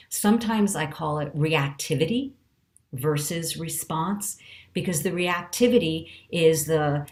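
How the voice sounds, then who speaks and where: A middle-aged woman teaching mindfulness, speaking in a calm, earnest, measured way with slow deliberate pauses. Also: low voice. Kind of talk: teaching talk.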